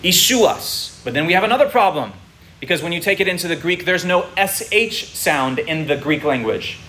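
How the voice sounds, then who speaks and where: A man with a bright, forceful voice and a slightly high pitch teaches a congregation in a sermon. He explains step by step and often checks that his listeners are following. Faint room ambience sits behind him. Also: expressive, brisk, a little hiss or hum.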